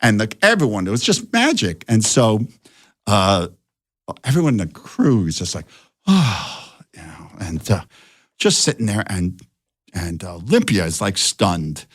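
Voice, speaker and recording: An older man, a guest director, telling a lively anecdote and acting out the voices of the people in it. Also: on the low side, unhurried.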